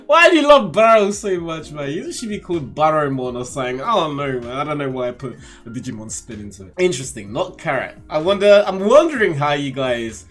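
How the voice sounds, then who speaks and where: A man reviewing a manga chapter in casual, slangy commentary, joking and laughing as he talks. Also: on the high side. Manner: animated, laughing, slangy and playful.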